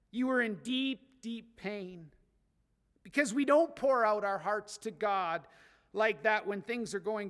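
High, bright-voiced preacher in a big hall. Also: male voice. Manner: earnest preaching, swelling and dropping in intensity. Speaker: pastor. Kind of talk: sermon. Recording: long reverb of a large hall.

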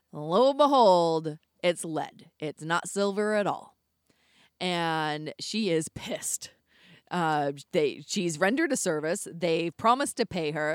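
A woman podcast co-host telling a folklore tale in a relaxed, chatty, lightly profane way. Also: fairly low pitch, no room sound, studio quality. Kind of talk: casual storytelling.

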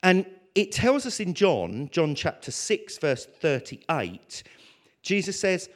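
A male preacher delivering a sermon, his voice sitting a little high and swinging widely in pitch. He keeps it animated, stepping into prayers and bits of dialogue as he explains scripture. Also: slow pace.

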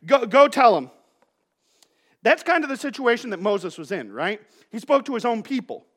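A man's voice: extremely high pitch, sing-song, normal speed, fairly bright tone. A male pastor giving a sermon in a conversational, joking way, telling playful stories to his congregation.

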